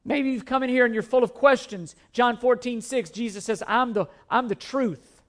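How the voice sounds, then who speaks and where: High-voiced man preaching a sermon. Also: normal speed. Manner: repetitive, emphatic preaching with scripture quotes. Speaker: pastor.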